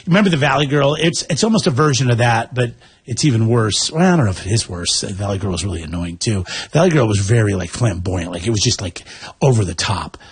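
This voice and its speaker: A man from the US West Coast co-hosting a morning radio show, reacting quickly and chatting in an animated way. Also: on the low side, breathy edge, no room sound. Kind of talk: casual morning show banter.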